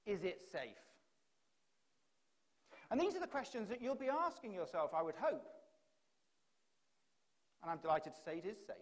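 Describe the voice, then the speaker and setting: Man, fairly high voice, keynote speech, rhetorical questions, stage microphone. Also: big pitch swings, normal speed, pauses often. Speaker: conference speaker. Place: conference hall.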